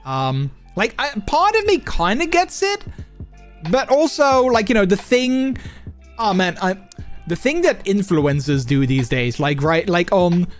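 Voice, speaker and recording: A man's voice: sits high, sing-song, measured pace, soft background music. A man livestreaming and chatting casually with his viewers, rambling with many fillers and restarts on a close microphone. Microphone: close desk microphone.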